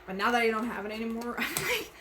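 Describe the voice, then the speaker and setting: A woman's voice: a little high, lively intonation, fast talker, sharp tone, slight background noise. Giggly, rambling woman streamer. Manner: rambling, giggly and openly emotional. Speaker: live streamer. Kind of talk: candid casual livestream chat.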